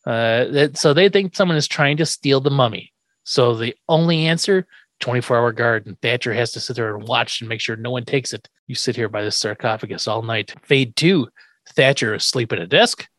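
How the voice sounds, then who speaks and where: A man's voice: mid-range voice, moderate pace, no room sound. A man casually recapping a sitcom episode on a podcast, acting out the characters' lines as he goes. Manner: animated retelling, acting out quoted lines. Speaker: podcast host.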